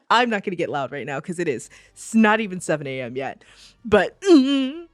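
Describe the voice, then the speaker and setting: A woman's voice: fairly low pitch, sing-song, normal speed, slight background noise. A woman co-hosting a podcast in casual chat. She talks animatedly, laughs often and acts out quotes. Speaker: podcast co-host.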